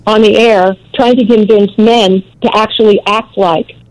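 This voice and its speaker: A woman's voice: mid-range voice, fairly even intonation, measured pace, a little mellow, rough recording. An older woman, a radio advice host, telling a story in a blunt, no-nonsense interview manner.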